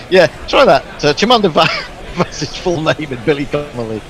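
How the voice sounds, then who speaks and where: Cricket host guy, kinda high voice, lots of ums, reads out listener comments. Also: big pitch swings, moderate pace, fairly bright tone, a little hiss or hum. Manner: hesitant, many ums, reads out listener messages. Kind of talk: casual commentary chat.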